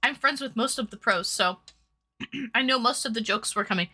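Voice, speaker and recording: A woman's voice: fairly high pitch, normal speed, bright, forceful tone, breathy edge. A woman from Toronto hosting a casual livestream, greeting viewers by name in a bubbly, chatty way, her nose running from hot sauce. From Toronto, Canada. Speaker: livestream host.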